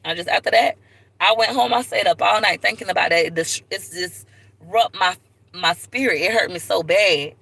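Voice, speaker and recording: A woman holds forth on a livestream in a bright, forceful voice. She talks frankly and preaches a little as she tells her stories. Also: fairly low pitch, normal speed, vocal fry, husky, low-quality recording. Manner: frank, preachy storytelling with asides. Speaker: vlogger. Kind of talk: casual livestream talk.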